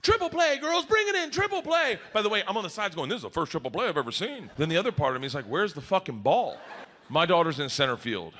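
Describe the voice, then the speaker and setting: Bright, lively stand-up comic. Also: male voice, a little high, quick pace. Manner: lively storytelling with voiced characters. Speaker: stand-up comedian. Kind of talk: stand-up comedy.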